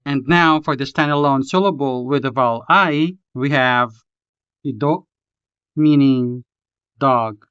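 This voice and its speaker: A man narrates a scripted language lesson, breaking words into syllables at an unhurried pace. His voice is smooth and clear. The recording is dry and a little dull. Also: medium pitch, a bit bright, no echo. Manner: slow, careful, spells out syllables. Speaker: language tutor.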